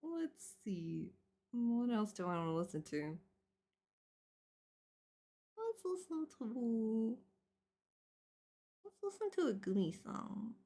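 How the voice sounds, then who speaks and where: A woman in her twenties chatting casually while she draws on stream, rambling with lots of fillers and laughing loudly and often. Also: on the high side, sing-song, slow pace, vocal fry, long pauses, breathy edge. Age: 20s.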